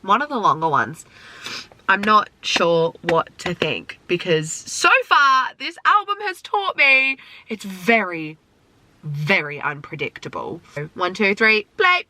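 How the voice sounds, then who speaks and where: Young woman gushing over songs in her car, super expressive pitch, bright voice, music going behind. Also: slow pace. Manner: gushing, emotional, exclamatory. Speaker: vlogger reacting to an album. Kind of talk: casual reaction commentary. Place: inside a car at night. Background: album music playing.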